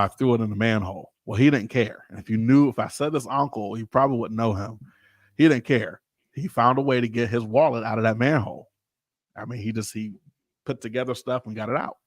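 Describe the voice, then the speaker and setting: Storytelling pastor with a dry sound. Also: male voice, fairly low pitch, fast, dry recording. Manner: animated, informal, acts out quoted people. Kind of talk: casual storytelling.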